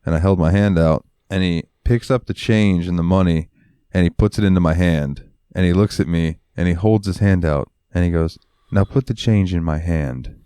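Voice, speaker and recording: A man's voice: low-pitched, fairly even intonation, normal speed, mellow, smooth, no echo. A man co-hosting a casual podcast, telling stories about customers, laughing and swearing along the way. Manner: storytelling, laughs often, swears. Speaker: podcast co-host, pharmacy clerk. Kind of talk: casual chat.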